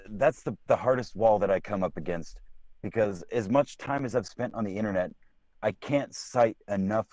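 Blunt, swearing man with a low voice. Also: darkish tone, no room sound, dull audio. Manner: blunt, profane, restarts often. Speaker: podcast co-host. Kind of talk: casual political chat.

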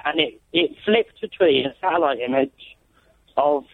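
A young man calling into a radio show, hesitant, with many ums and pauses. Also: fairly high pitch, expressive, gravelly. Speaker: caller, council intern. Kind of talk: phone-in call. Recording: crackly phone line with faint hiss.

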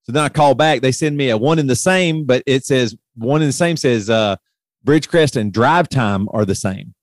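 A man's voice: medium pitch, normal speed, dry recording. A middle-aged man in casual chat, telling a long story and getting heated as he retells it. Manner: animated retelling, voice rising sharply when heated.

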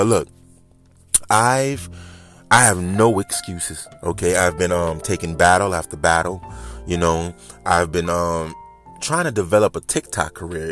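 A man in his thirties hosting a casual podcast monologue, talking in an animated, rambling way straight to his listeners. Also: low voice. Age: 30s. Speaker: podcast host. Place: home, smoking while recording.

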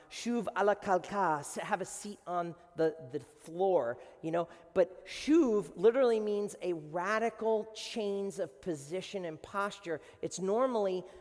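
Animated pastor preaching in an echoey hall. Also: male voice, high voice. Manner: animated, swings from quiet to loud. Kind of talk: sermon. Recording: long hall reverb.

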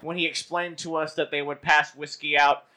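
A man's voice: fairly high pitch, little pitch movement, normal speed, bright, forceful tone. A man from the Houston area co-hosting a casual podcast, telling stories with sarcastic, profane asides. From Houston area, Texas. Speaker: podcast co-host. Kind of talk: casual chat.

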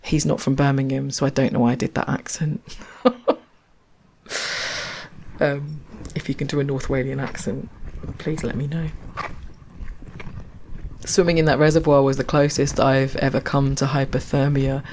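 A woman's voice: very deep voice, level tone, normal speed, pauses often, darkish tone, slight background noise. A woman telling reflective, poetic stories with wry asides while walking outdoors along a canal. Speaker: storyteller. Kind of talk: reflective spoken-word storytelling.

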